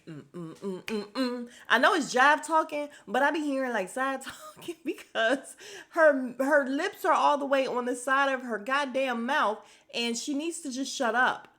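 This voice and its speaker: A woman's voice: sits high, lively intonation, measured pace, fairly bright tone. A woman hosting a casual podcast recap of a reality show. She talks straight to her listeners, laughs often and speaks bluntly, with some swearing. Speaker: podcast host.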